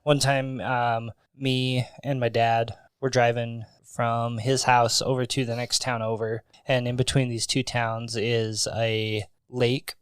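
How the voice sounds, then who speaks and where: A man co-hosts a casual movie podcast, telling stories in a relaxed, easygoing way. He often laughs at his own jokes. His voice sits in a middle pitch and is recorded dry on a close microphone. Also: takes it slowly, hardly any pauses, clear, resonant tone, no echo. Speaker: podcast co-host. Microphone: studio microphone.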